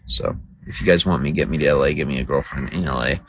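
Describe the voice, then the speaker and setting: A man's voice: rumbling low, fast talker, a bit bright, poor audio. A man livestreaming to viewers in casual talk, crude, boastful and rambling. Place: outdoors by a road.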